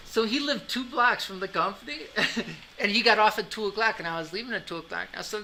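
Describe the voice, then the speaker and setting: A man's voice: high-pitched, lively intonation, normal speed, gravelly, pauses often, noisy background. A man teaching an anatomy class, telling a long anecdote in a chatty way, often asking "right?" and laughing at his own jokes. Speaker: college anatomy instructor. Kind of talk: lecture anecdote.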